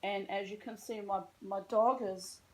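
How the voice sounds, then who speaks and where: A woman rambles to her phone camera at home with a wry, self-mocking humor. She drifts from thought to thought, tossing in offhand asides. Her voice sits at an ordinary middle pitch. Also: fairly even intonation, unhurried, a little mellow, rough recording. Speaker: vlogger. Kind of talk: casual rambling vlog to camera.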